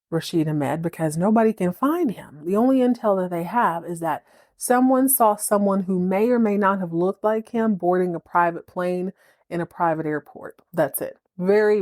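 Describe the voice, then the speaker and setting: A woman with a fairly low voice talks through a TV drama recap in a casual, playful way, with slangy asides. Her voice is recorded close and dry, with no room sound. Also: no echo. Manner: animated, playful, slangy, quick bits of acted quotes. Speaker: podcast host recapping a TV drama. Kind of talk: casual recap with acted-out dialogue.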